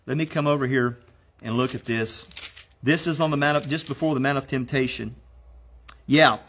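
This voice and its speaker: A man preaching a sermon, quoting scripture in slow, emphatic phrases and leading listeners in spoken declarations. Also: medium pitch, fairly bright tone, slight background noise. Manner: exhorting, leads the congregation in spoken declarations.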